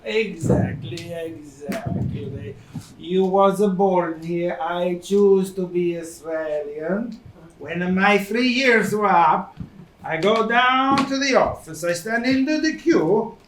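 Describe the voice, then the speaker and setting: An actor playing a proud older Italian immigrant man on stage, speaking animated broken English with an Italian accent. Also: sits high, takes it slowly, a little hiss or hum. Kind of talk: stage play acting. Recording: echoey theatre stage from far off.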